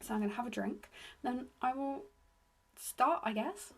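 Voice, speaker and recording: Talking into her phone at a moderate pace, a young English podcast host rambles through a self-deprecating solo chat. Her slightly raspy voice sits high.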